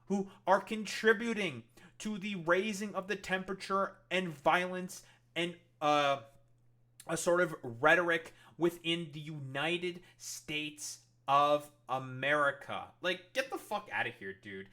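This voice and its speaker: A man's voice: high voice, measured pace, pushed and bright. A man giving heated, swear-filled commentary as a streamer reacting to a debate, sarcastic and blunt. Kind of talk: profane ranting commentary.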